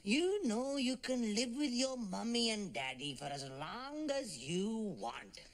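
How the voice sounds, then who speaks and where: A pompous middle-aged sitcom father, boasting and exclaiming. His voice is pitched high and swoops widely as he speaks slowly. Music plays behind him. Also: sing-song, full character voice. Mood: reassuring. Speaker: head of the family. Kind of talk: sitcom acting.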